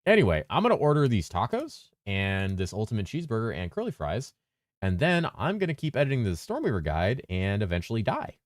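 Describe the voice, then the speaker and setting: A man with a very deep voice, chatting casually on a game stream, reading messages from chat aloud and answering them with casual swearing. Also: no room sound, studio quality. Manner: lively presenter inflection at times, drops into a flatter low voice at other times; talks fast to keep up with chat.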